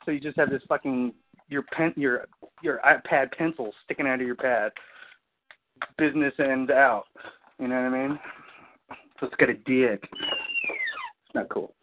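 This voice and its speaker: A man's voice: medium pitch, moderate pace, long pauses, a little hiss or hum. A man hosting a podcast in casual chat, rambling and swearing constantly. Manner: swears constantly, rambling, says "you know what I mean". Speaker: podcast host. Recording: tinny phone-like audio.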